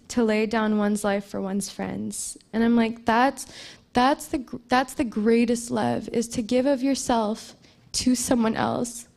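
A woman's voice: mid-range voice, darkish tone. A young woman giving an earnest, emotional church testimony, full of fillers and restarts. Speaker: missions trip speaker at church. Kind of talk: personal testimony talk.

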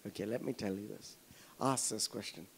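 A man's voice: on the low side, moderate pace, creaky, fairly bright tone, a little hiss or hum. A man with an Indian, Tamil-tinged accent preaching a sermon as pastor, firing rhetorical questions at the congregation. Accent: Indian English, Tamil.

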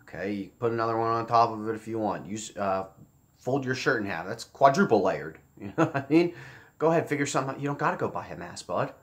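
A man's voice: fairly low pitch, expressive, fast, a bit bright. A man giving casual commentary, blunt and profane, with a sarcastic edge, often repeating phrases for emphasis. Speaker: political commentator.

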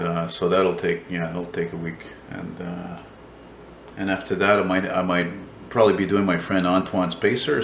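A man's voice: low-pitched, creaky, a little hiss or hum, rough recording. A man, chatting in a rambling, filler-heavy way as he talks to a handheld camera in his studio. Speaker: painter vlogger. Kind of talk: casual handheld vlog chat. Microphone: handheld camera mic.

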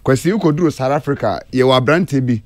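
A man with a Ghanaian accent talking casually as a guest on a radio entertainment show, mixing English and Twi with drawn-out fillers. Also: mid-range voice, dry recording.

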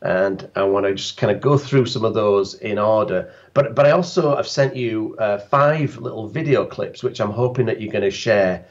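A man's voice: fairly low pitch, moderate pace, few pauses, lo-fi sound. A man, a guest landscape photographer, bantering with dry, self-mocking humor on a live stream.

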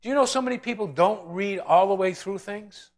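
A man leads a Bible study in a loose, conversational sermon. His voice sits a little high for a man. He tells the story with energy and slips into the voices of the characters as he goes. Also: brisk. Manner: animated storytelling, acting out quoted voices. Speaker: pastor teaching Bible study. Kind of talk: informal sermon.

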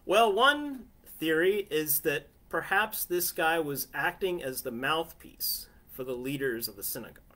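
A man's voice: on the high side, lively intonation, measured pace, hardly any pauses, pushed and bright. A man preaching a sermon from his family living room in a conversational way, often asking listeners "right?". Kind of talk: home sermon.

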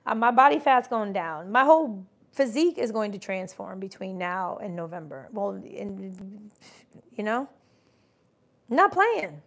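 Speaking at a normal speed in a medium pitch, this woman in her forties coaches business on a laid-back live stream. She reads viewers' comments aloud between bursts of emphatic encouragement, imitating doubters mockingly.

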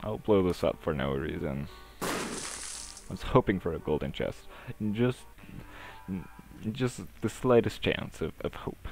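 A man's voice: low-pitched, expressive, a little slow, vocal fry, pauses often, darkish tone, faint music behind. A young man giving casual, rambling commentary while playing a game, with lots of fillers and swearing. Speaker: gaming commentator. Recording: noisy home recording.

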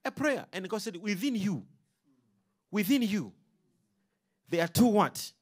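A man preaching a sermon to a congregation, animated and full of call-and-response questions. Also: high voice, measured pace, husky.

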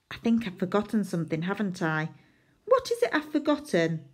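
A woman teaching a phonics lesson to small children, her pitch bouncing high and low as she sounds out each letter. She speaks slowly and deliberately and pretends to make mistakes so the children can correct her. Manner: sounds out letters, makes playful mistakes on purpose. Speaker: primary school teacher.

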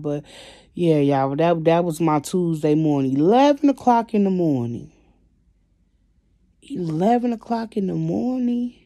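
A woman vlogger venting to her viewers, emotional and swinging between quiet and loud, constantly addressing them directly. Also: low-pitched, dry recording, clean studio sound. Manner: emotional, repeats "y'all" constantly. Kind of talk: venting to camera.

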